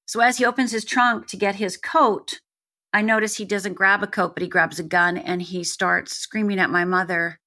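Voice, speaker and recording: A woman's voice: mid-range voice, moderate pace, sharp tone. A woman guest, a life coach, telling her personal story candidly and vividly, building to emphatic peaks.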